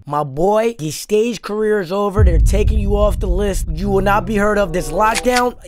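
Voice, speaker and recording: A man's voice: sits high, moderate pace. A young man doing hyped, profane gameplay commentary, roasting opponents as he plays. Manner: hyped trash-talking, profane, playful roasting. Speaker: gaming YouTuber. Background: background music.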